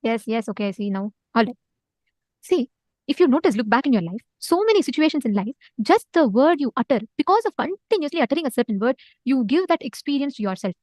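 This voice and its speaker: A woman with an Indian English accent leads a live online spiritual session. She talks quickly and earnestly in a high voice, pressing listeners to answer in the chat. Her voice sounds dry and close. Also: very animated, a little mellow, no room sound. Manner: earnest, urging the audience to respond.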